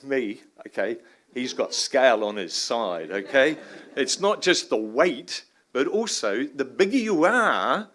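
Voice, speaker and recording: A guest speaker from New Zealand, a professor of river science, gives a conference talk in a large conference room with an Australian-sounding accent and a mid-range voice. He's joking and informal, swears mildly, and breaks into loud, laughing asides.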